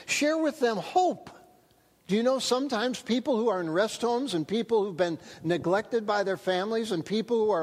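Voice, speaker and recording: A man preaching a sermon as pastor, earnest and emphatic, slowing down on key phrases. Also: high voice, in a large hall.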